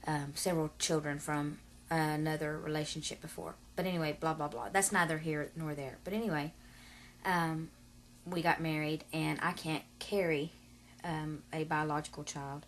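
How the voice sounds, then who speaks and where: A woman's voice: sits low, steady tone, normal speed, a little hiss or hum. A woman, talking casually and at length to her camera in a rambling, long-winded way full of fillers and asides. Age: 30s. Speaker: vlogger. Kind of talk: casual vlog talk to camera.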